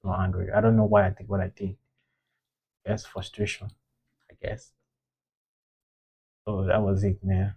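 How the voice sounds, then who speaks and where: A man's voice: deep voice, level tone, unhurried, pauses often, mellow, slightly rough. A man reviewing his own trades in a casual, rambling way, frustrated and scolding himself for his mistakes.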